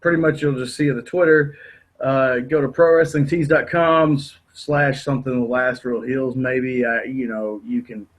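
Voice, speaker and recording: A man's voice: medium pitch, steady tone, unhurried. A man guesting on a podcast in casual chat, a little drunk and slurring loosely.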